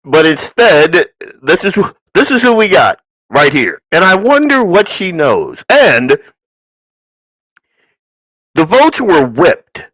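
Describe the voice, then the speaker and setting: A man delivers political commentary as the show's host, his voice rising and falling a lot as he rants. He speaks slowly and leans on sarcasm. The sound is dry and close. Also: on the high side, very animated, a bit bright, slightly rough, no echo, poor audio. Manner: ranting, sarcastic, mocking asides. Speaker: podcast host.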